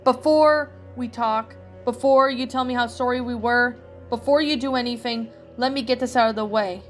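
A woman's voice: a little high, fairly even intonation, moderate pace, faint music behind, close to an everyday voice. A woman voicing an upset young male puppy in a fan fiction reading, with a raised, emotional delivery. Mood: calm.

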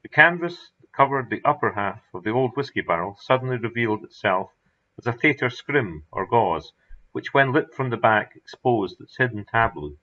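A man reading his own horror story aloud in a measured, dramatic narration. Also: medium pitch, lively intonation. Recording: dull lo-fi recording.

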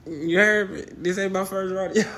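Slangy, joking home cook vlogging from the kitchen; relaxed banter, medium pitch, faint hiss behind. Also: measured pace. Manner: slangy, joking and laid-back. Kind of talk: casual cooking vlog chat.

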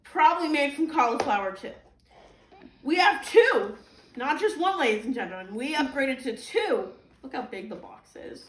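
A woman's voice: high-pitched, very animated, normal speed. A young woman reviewing a boxed food item with sarcastic jokes and frequent laughter. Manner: sarcastic, joking, laughs often. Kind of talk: comedic food review chat. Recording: echoey room with faint noise.

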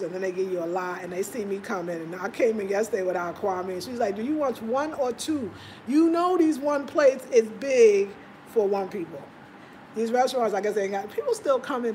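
A woman hosting a casual livestream from home, chatting and reading out viewer comments in an animated, talkative way. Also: medium pitch, a little hiss or hum. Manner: animated, chatty, breaks into laughter. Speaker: livestream host.

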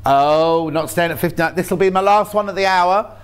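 A man's voice: high voice, brisk, clear, resonant tone. A man presenting on a shopping channel, chatting in a jokey, rambling way about fabrics and his cats. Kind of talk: casual chat. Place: TV studio.

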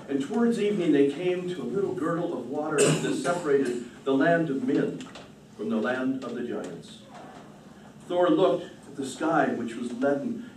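Mellow man storyteller in an echoing hall. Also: a little high, a little hiss or hum. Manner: relaxed, repeats phrases. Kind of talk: storytelling performance. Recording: roomy distant hall mic.

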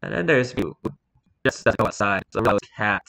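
Bright-voiced man doing casual commentary. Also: on the low side, animated, moderate pace, gravelly, a little hiss or hum. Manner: rambling, jokey, swears casually. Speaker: vlogger reading posts aloud.

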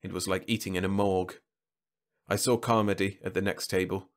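Deep-voiced man reading sci-fi aloud. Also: level tone. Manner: measured, dramatic reading. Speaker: storyteller.

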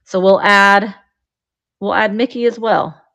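Slow-talking woman selling vintage items. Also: mid-range voice, vocal fry, fairly bright tone. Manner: chatty, describes items as she shows them. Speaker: live auction seller. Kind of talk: live sale chat.

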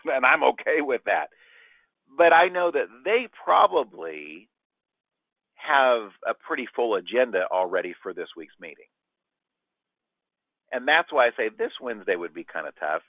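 Animated gravelly man on a phone line. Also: lowish voice, moderate pace, no echo. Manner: animated, acts out client exchanges. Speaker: sales trainer. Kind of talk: training talk with role-played dialogue. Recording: dry tinny phone-like line.

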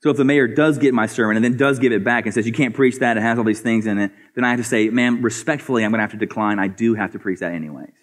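A man's voice: quick pace, few pauses. A male pastor preaching a sermon earnestly, asking rhetorical questions and often repeating words as he builds a point. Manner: swings between soft, low asides and raised, higher emphatic passages.

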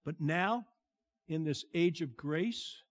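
Slow, deliberate high-voiced male preacher. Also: expressive. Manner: slow, deliberate preaching that drops to a hushed tone and swells on emphasis. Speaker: pastor. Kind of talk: sermon.

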